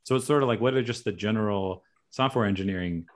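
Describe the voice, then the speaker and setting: A man's voice: fairly low pitch, fast talker. A man chatting casually on a video call, curious and thinking aloud with restarts. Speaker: community meeting participant.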